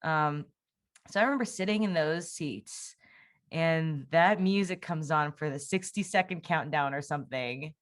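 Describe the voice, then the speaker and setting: A young woman interviewee with a low-pitched voice speaks at a measured pace. In casual conversation she offers a personal testimony that's frank and meandering, packed with fillers and restarts.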